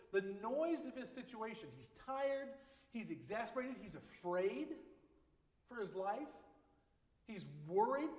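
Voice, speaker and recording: A man's voice: very high-pitched, a little mellow. A man preaching an informal sermon as a pastor, speaking conversationally with joking asides. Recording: echoey hall with long reverb.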